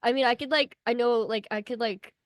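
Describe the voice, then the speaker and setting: A woman's voice: fairly high pitch, fairly even intonation, brisk, dry recording, studio quality. A young woman being interviewed on a podcast, chatting casually and giggling, with lots of "like" in her talk. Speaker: podcast guest, voice actress.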